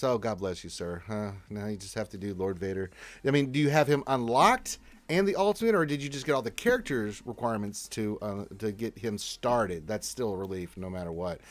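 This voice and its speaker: A man's voice: on the low side, animated, a little fast. A man hosting a casual gaming livestream, reading out chat messages in a chatty way, with frequent laughs and fillers. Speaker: livestream host.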